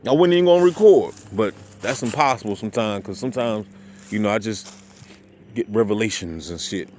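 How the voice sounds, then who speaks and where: Outdoors at a park parking area, a vlogger delivers a rambling, profane monologue heavy on street slang and "you know what I'm saying." His voice is on the low side and darkish in tone, expressive and fairly quick, with slight background noise.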